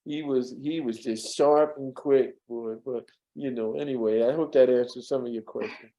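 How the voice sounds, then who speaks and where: A man's voice: mid-range voice, fairly even intonation, normal speed, dark tone, lo-fi sound. A man telling stories from his years as a studio assistant in an interview, rambling with frequent fillers and restarts. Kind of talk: storytelling interview.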